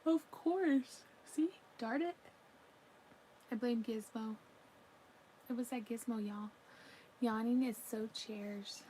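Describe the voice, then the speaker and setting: Chatty woman with a mellow voice. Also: a little high, slow pace, pauses often, a little hiss or hum, rough recording. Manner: chatty, yawning, talks to her pet between comments. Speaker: livestream crochet crafter. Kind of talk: casual live-stream chat reading comments. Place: home.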